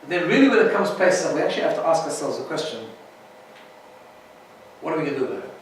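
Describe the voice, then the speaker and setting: A man's voice: fairly high pitch, very animated, fast, heavy reverb, recorded from a distance, a little hiss or hum, poor audio. A man teaching an informal Torah class as a rabbi, chatty and often checking in with "right?". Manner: chatty, keeps asking "right?".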